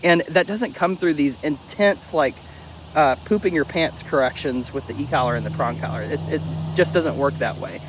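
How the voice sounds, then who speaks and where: A dog trainer explains correction step by step in a blunt, casual instructional talk, swearing freely and repeating key steps in a drill-like rhythm. His voice is a little high and his pace normal. The recording is muffled, with a noisy background.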